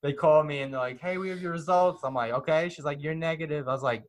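Swearing without restraint, a young man acts out the characters in an animated story during a relaxed conversation. He speaks quickly, in a fairly high register.

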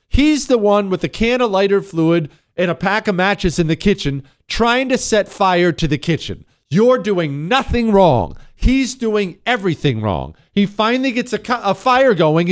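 A man hosting a talk radio show, delivering an emphatic, repetitive monologue with sudden high peaks. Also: clean tone.

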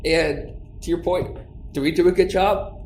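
Higher-voiced founder guy, trips over first words, roomy echo and a bit of hiss. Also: steady tone, moderate pace, vocal fry, darkish tone. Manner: stammers on starts, talks through explanations. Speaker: tech startup co-founder and CEO. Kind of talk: conversational interview. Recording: echoey room with faint noise.

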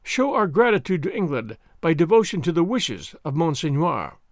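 A man's voice: on the high side, very animated, normal speed, no room sound, studio quality. A man voicing a rigid, dignified old countess with a frigid, stiffly formal manner.

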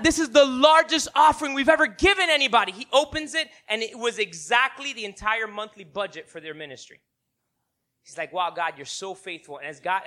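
A man preaching a sermon, telling a story with animated delivery that swings from loud emphasis to hushed asides and acts out the people in it. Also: high-pitched. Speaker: pastor.

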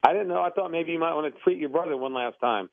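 A man taking a prank phone call, flustered and quick to get worked up, then quick to apologize. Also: a little high, no room sound. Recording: tinny phone line.

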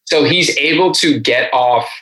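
A man's voice: mid-range voice, measured pace, sharp tone, low-quality recording. A man appearing as a guest writer on a podcast, analyzing rap songs thoughtfully and correcting himself as he goes. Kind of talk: casual podcast interview.

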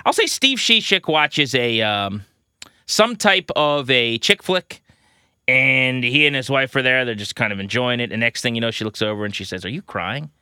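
Bright-voiced joking man in his thirties. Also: medium pitch, lively intonation, moderate pace, smooth, dry recording, clean studio sound. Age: 30s. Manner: joking, playful. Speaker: podcast co-host. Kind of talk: casual sports podcast chat.

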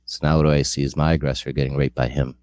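A man's voice: rumbling low, level tone, quick pace, a little mellow. A middle-aged man sharing a candid personal testimony, earnest and rambling with frequent restarts.

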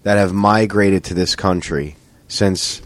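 A man's voice: sits low, fairly even intonation, slight background noise. A man hosting a podcast, teasing his co-hosts with wry jokes in casual chat. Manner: teasing, wry, quick to laugh. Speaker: podcast host.

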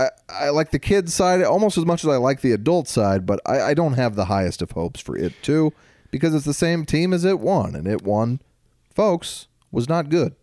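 A man's voice: medium pitch, darkish tone, no room sound, studio quality. Blunt, wry man in podcast chat. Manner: blunt, wry, casually profane. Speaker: podcast co-host. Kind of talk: casual chat.

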